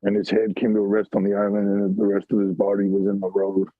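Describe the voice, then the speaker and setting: A man on a call-in panel telling a personal story in a raw, halting way, swearing heavily, heard over a video call. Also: on the low side, monotone, no echo. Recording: tinny phone-like call audio.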